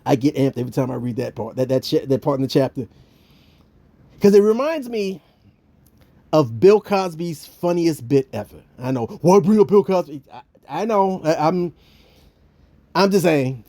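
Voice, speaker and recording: A man giving casual, joking devotional commentary in an animated way, with many restarts. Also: fairly high pitch, moderate pace. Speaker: vlogger.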